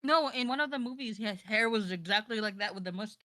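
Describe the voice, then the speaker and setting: A woman's voice: medium pitch, fast, dry recording, studio quality. A woman co-hosting a game stream, chatting playfully. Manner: playful, laughing. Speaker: streamer co-host. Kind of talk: casual gameplay chat. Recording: very loud game music behind.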